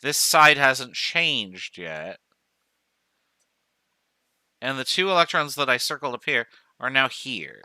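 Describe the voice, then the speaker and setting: A man gives a recorded chemistry lecture in a very bright, crisp and smooth voice. He talks through each step aloud, counting off items and correcting himself as he goes. The sound is dry and close. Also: medium pitch, expressive, slow, long pauses, no echo. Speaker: chemistry professor.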